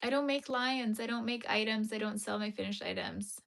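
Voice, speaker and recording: A young woman hosting a casual crochet livestream from her home, chatting with viewers and sometimes dropping into soft murmurs and whispers. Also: on the high side, normal speed, vocal fry. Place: home crafting room.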